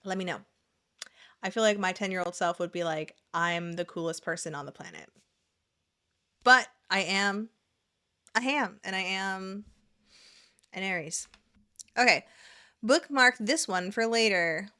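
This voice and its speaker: A woman hosts a casual reaction commentary, blunt and sarcastic as she picks clips apart. Her voice sits at an ordinary middle pitch with a bright, sharp edge. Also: unhurried, pauses often. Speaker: reaction video host.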